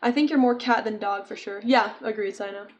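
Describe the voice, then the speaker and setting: A woman's voice: mid-range voice, a little fast, highs cut off. A young woman chatting casually with her viewers while she crochets, giggling often and answering chat. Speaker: streamer.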